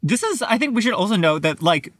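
A young man hosting a casual book podcast, chatty and quick with lots of fillers. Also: high voice, sing-song, a bit bright, no echo. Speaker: podcast host.

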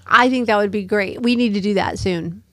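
A woman, a podcast co-host, chatting casually, with quick sassy replies. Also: medium pitch, a bit bright, dry recording, clean studio sound. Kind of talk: casual chat.

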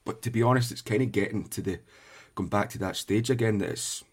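Husky, low male co-host, thoughtful and hesitant. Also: a little fast. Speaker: podcast co-host. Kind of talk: casual football chat.

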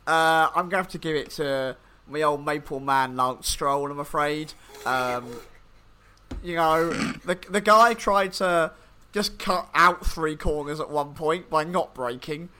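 A man with a bright, forceful tone and a slightly raised pitch chats on a sports podcast. He jokes at his own expense and fills pauses with ums. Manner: joking, self-mocking, with filler ums. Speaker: podcast co-host. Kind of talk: casual sports podcast chat.

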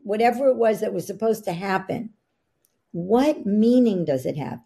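A woman's voice: mid-range voice, lively intonation, normal speed, gravelly, dark tone, breathy edge. A middle-aged woman, a podcast guest, explaining ideas in an earnest coaching tone. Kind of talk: interview conversation.

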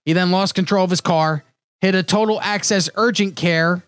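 A man's voice: high voice, fairly even intonation, moderate pace, fairly bright tone, clean tone, no room sound. A man hosting a casual comedic chat show, joking and reading out news stories. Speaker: podcast host running a crime guessing game.

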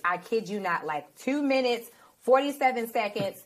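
A woman hosting a Christian talk show, telling a story with lively acted-out dialogue. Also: on the high side, moderate pace. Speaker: host.

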